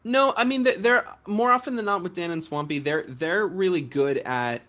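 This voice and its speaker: A man's voice: high voice, normal speed, bright, forceful tone. Chatty young man with easy laughs. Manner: chatty, self-deprecating, laughs often, many fillers and restarts. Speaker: guest singer. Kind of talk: casual interview.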